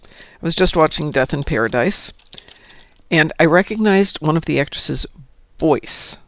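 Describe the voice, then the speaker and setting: A woman's voice: low voice, animated, measured pace, no room sound. A woman streaming a game, chatting casually, telling stories and cheering at the game. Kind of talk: casual chat while gaming.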